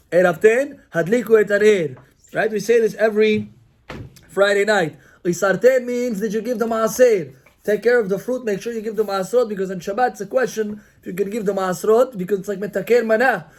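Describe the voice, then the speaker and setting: Male rabbi, high voice; lively Torah class, acts out dialogue, peppers English with Hebrew terms. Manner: animated teaching, acting out quoted dialogue, rhetorical questions; mixes Hebrew and Yiddish-style terms into English.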